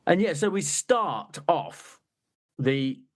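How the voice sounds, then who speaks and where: A man's voice: on the high side, big pitch swings, slow pace. A man co-hosting a podcast, chatting casually about a football book with a wry, joking manner. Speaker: podcast co-host. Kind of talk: casual chat.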